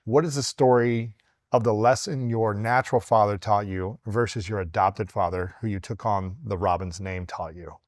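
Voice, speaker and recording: Low-voiced male podcast host. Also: steady tone, moderate pace, no echo, clean studio sound. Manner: attentive, with short affirmations and musing questions. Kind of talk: conversational interviewing.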